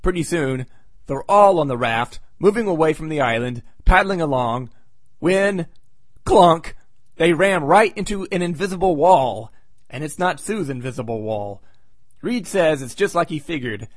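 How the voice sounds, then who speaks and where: A man's voice: a little high, animated, moderate pace, dry recording. A man hosting a podcast, casually recapping a comic book plot with wry, sarcastic asides.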